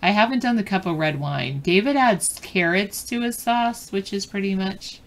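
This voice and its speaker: A woman's voice: medium pitch, normal speed. A woman co-hosting a live stream in casual chat, answering viewers and reading trivia questions aloud. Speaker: co-host and trivia reader.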